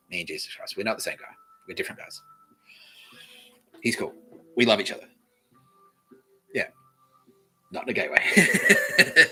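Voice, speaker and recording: Crude, bright-voiced Australian man. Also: lowish voice, poor audio. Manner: crude, swearing, giggly. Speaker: podcast host. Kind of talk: rambling comedic monologue.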